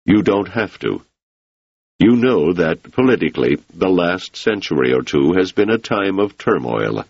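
A man reading the part of an ambitious, forceful male politician who talks in an urging, insistent way. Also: sits low, sing-song, unhurried, vocal fry, slightly rough, no room sound, dull audio, pitched above the performer's own voice, heavily acted.

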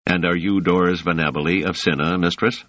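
A man voicing a calm, formal male security officer, in a slightly muffled recording. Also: low voice, brisk, no room sound.

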